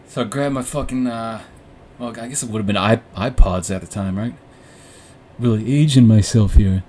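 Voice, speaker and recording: A man's voice: lowish voice, moderate pace, warm tone, slight background noise. A young man hosting a casual podcast, telling a long personal story in a rambling, profane, self-mocking way, full of restarts and fillers. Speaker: podcast host. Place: room with warm orange lighting.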